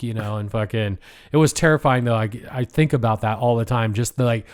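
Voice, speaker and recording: A young adult man with a Pacific Northwest American accent co-hosts a podcast, telling a rambling story in casual chat, swearing often and whispering the lines he quotes. His voice sits fairly low, steady and brisk, with a slightly mellow, clean tone.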